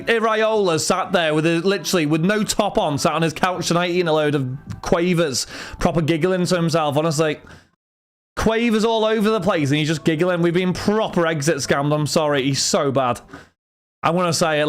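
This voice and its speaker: A man's voice: a little high, smooth. A young man, chatting casually to his livestream viewers, venting in a rambling, exasperated way. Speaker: livestream host.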